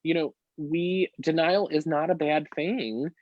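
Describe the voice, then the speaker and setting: A man's voice: on the high side, fairly even intonation, slow. A man talks earnestly to podcast listeners, often restarting his sentences. His voice sits in the middle range and sounds dry and slightly dull, with no room echo. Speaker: podcast co-host. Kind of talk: casual podcast conversation.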